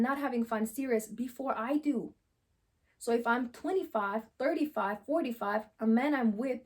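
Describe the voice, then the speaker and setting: Woman, relationship coach, emphatic, repetitive rhetorical questions, warm tone. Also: a little high. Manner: emphatic, repeats key phrases, rhetorical questions. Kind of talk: direct advice monologue to camera. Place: seated on camera.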